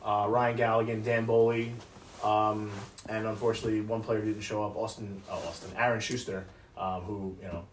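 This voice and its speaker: A man's voice: fairly low pitch, flat delivery, normal speed. A man hosting a casual podcast awards show, rambling with fillers as he names winners. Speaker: podcast host presenting awards. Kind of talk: casual banter. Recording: roomy, distant mic, faint noise.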